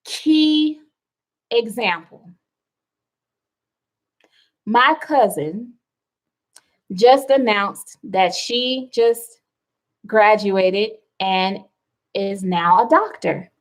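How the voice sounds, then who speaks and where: A woman's voice: medium pitch, drawn-out words, long pauses, poor audio. A middle-aged woman hosting a wellness livestream, chatting casually and reading out viewer comments with rambling asides.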